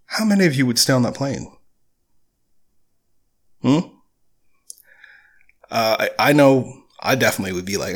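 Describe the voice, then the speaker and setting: Male podcast host, mid-pitched, candid and blunt, swears casually, solo monologue. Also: sing-song, normal speed, long pauses.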